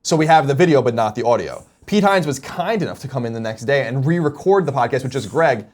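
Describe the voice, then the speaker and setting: A man's voice: medium pitch, animated, quick pace, darkish tone. A man co-hosting a morning show, reading gaming news in a rambling, casual way with many restarts. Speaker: co-host.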